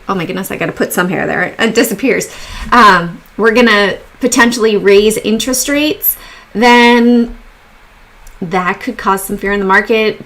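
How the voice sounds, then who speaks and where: A woman's voice: medium pitch, fairly bright tone. A woman hosting a casual stock market livestream, chatty and upbeat, greeting viewers in the chat as she talks.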